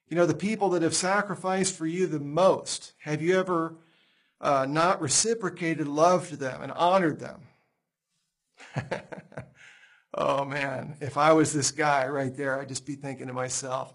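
A man teaching on a Bible passage in a conversational sermon style, animated, acting out quoted dialogue with a laugh here and there. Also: fairly high pitch, moderate pace. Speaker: preacher.

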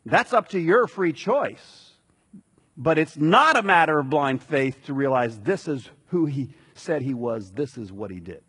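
Male pastor, conversational sermon, slightly high husky voice. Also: unhurried. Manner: relaxed, chatty preaching with asides.

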